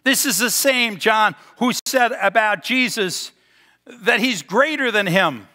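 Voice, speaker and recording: Bright-voiced pastor man preaching in a reverberant sanctuary. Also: sits high, lively intonation. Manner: storytelling, slows for emphasis. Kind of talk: sermon. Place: church sanctuary. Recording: long hall reverb.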